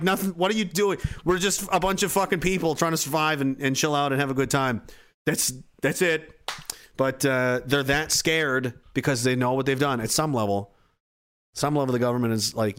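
Profane, animated podcast host. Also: male voice, on the high side, a little fast, clean tone. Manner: profane, animated, acts out quoted voices. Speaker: podcast host reading chat. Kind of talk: casual livestream rant.

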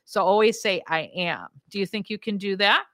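A woman's voice: medium pitch, level tone, brisk, a bit bright, no room sound, clean studio sound. A woman hosting a podcast, giving enthusiastic self-help advice, laughing often and acting out quoted lines. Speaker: podcast host. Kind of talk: upbeat coaching talk.

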